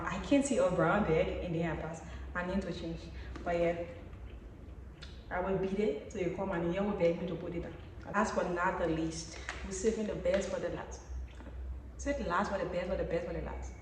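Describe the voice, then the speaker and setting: A woman's voice: medium pitch, slight background noise. A young woman, chatting playfully and affectionately to her followers in a home vlog. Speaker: vlogger. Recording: very echoey room from far off.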